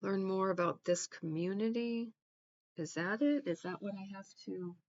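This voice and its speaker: A woman YouTube creator talking back to a video she is playing, halting and repeating herself in casual commentary. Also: mid-range voice, darkish tone, dry recording, highs cut off. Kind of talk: casual commentary over a clip.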